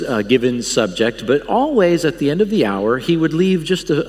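A man who leads a Bible college, preaching a guest sermon with earnest, emphatic appeals and frequent restarts. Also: mid-range voice. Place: church sanctuary. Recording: long church hall reverb.

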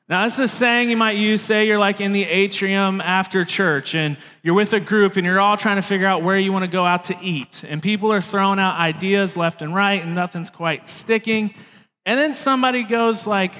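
A man's voice: high-pitched, moderate pace, sharp tone. A man, preaching a sermon as youth director in a friendly, joking, playful way. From Tennessee, US South. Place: church sanctuary stage. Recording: reverberant church hall.

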